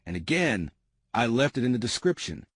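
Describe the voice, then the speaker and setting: A man's voice: medium pitch, big pitch swings, moderate pace, a bit bright, husky, no room sound, studio quality. A man hosting an enthusiastic video tour of a luxury house, pointing out features and calling his viewers family. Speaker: home tour host. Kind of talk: enthusiastic real estate walkthrough. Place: inside a large house.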